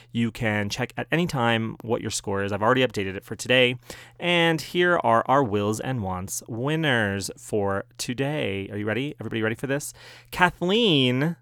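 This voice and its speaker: Man, podcast host, casual playful chatter, dry close sound, medium pitch. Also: a bit bright, no room sound. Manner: chatty and playful, with little laughs.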